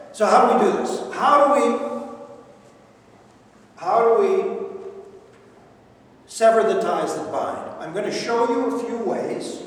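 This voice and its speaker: A man's voice: high voice, recorded from a distance. An older man giving a lecture at a recovery centre, telling personal stories, repeating phrases for emphasis and chuckling. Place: lecture room. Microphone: distant microphone. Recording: echoey hall recorded from afar.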